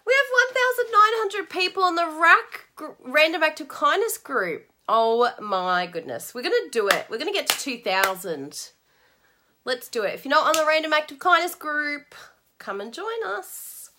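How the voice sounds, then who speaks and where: A stamping and craft demonstrator from Australia talks with live-stream viewers about crafting in a casual, bubbly way, laughing frequently. She has an Australian accent and a high-pitched, animated voice at a moderate pace, with background noise.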